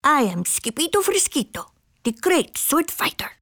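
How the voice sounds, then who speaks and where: A woman's voice: sits high, sing-song, unhurried, pushed and bright, no room sound, studio quality, pitched above the performer's own voice, exaggerated voice. A woman voicing a boastful little male kitten who thinks he's a chihuahua, sing-song with put-on Spanish flair. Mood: proud.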